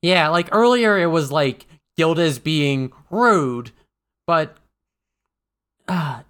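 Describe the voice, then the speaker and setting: A man co-hosting a podcast chats casually and wryly, rambling with lots of fillers and restarts. His mid-range voice has lively intonation and a slightly bright tone, and he takes his time.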